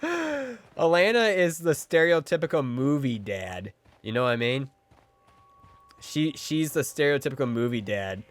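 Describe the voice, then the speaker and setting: A man's voice: fairly high pitch, sing-song, unhurried, no room sound. A man streaming a game live, chatting playfully with his viewers and slipping into silly voices. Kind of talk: casual live-stream chat with gameplay.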